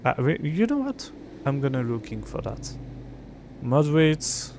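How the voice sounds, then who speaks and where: A man's voice: mid-range voice, very animated, unhurried, darkish tone, a little hiss or hum. A young man, an English speaker, chatting frustratedly and swearing on a live game stream. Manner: frustrated, swearing, muttering to himself. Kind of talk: live gameplay stream chat.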